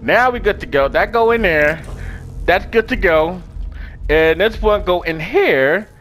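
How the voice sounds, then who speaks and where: A man giving casual let's play commentary, swinging from hushed muttering to yelling and talking to the game characters with slang and swearing. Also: high voice, animated, measured pace, a little hiss or hum. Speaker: gaming video creator.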